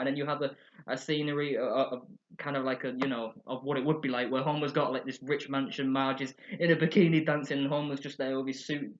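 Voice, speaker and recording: A man's voice: medium pitch, fairly even intonation, fast talker. A man chatting energetically as he reviews an episode, recorded on a computer webcam at home. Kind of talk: casual chat. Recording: slightly dull webcam audio.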